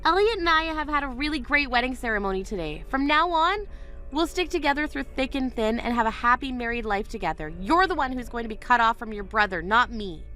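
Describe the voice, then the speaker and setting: A woman's voice: a little high, expressive, a little fast, bright, forceful tone, faint music behind. A woman voicing a wronged young bride in a texting story, indignant and firm. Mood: cold.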